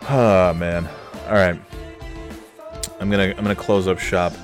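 A man's voice: low-pitched, steady tone, a little slow, soft background music. A man hosting a casual solo podcast, signing off in a rambling, sarcastic and crude way with mock-sincere pep talk. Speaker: podcast host. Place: at home on a Sunday night.

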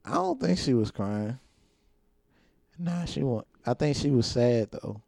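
A man's voice: mid-range voice, huge pitch swings, unhurried, creaky, mellow, no room sound, clean studio sound. A young man, telling stories in a laid-back, slangy way on a casual podcast chat. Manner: laid-back storytelling, slangy, laughs often. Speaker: podcast co-host.

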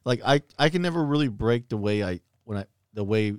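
A man's voice: lowish voice, animated, brisk, clean tone, no echo, studio quality. A man chatting casually, earnest and reflective, repeating words as he works through a thought. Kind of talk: casual chat.

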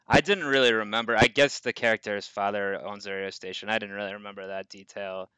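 A man co-hosting a casual movie podcast, with a bright, forceful voice recorded close and dry. He sounds animated and argues back with energy, and his pitch sits a little low. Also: fast talker, smooth, no room sound, rough recording. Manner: animated, pushes back in debate. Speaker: podcast co-host.

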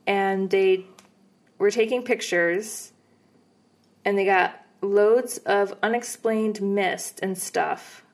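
A woman co-hosting a podcast, casually recounting ghost stories with fillers and easy laughs. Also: mid-range voice. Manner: relaxed, rambling with fillers and laughs. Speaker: podcast co-host. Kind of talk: casual storytelling chat.

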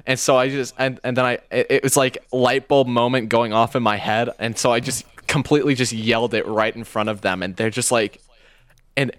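A man's voice: medium pitch, fairly even intonation, a little fast, a bit bright, clean tone, dry recording. A young man telling a self-mocking story in a casual podcast chat. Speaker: podcast guest.

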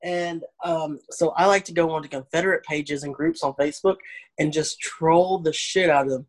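Here the Arkansas comedian talks at normal speed in a slightly high voice, his Southern accent clear. Chatting casually, he tells animated stories and acts out the people he's quoting.

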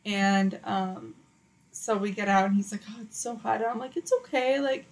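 A woman's voice: mid-range voice, normal speed, rough recording. A young woman co-hosting a podcast, telling a long story in casual chat, full of "like" and acted-out quotes. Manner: chatty storytelling, lots of "like". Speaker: podcast co-host.

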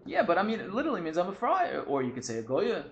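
A man teaching a lively text study class, quick and animated, mixing in Hebrew and Yiddish terms. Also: high-pitched, gravelly, echoey room, dull audio, a little hiss or hum.

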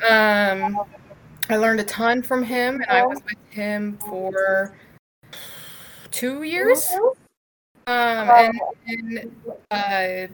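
A woman's voice: mid-range voice, fairly bright tone, a little hiss or hum. A young adult woman telling her story as a podcast guest, talking casually with lots of "like" and "um" and easy swearing. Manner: chatty, frequent "like" and "um" fillers.

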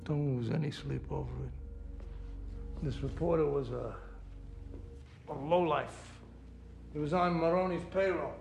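An actor playing a smooth middle-aged mob boss, talking in a calm, confiding way. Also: male voice, a little high, unhurried, long pauses. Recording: film clip over music score.

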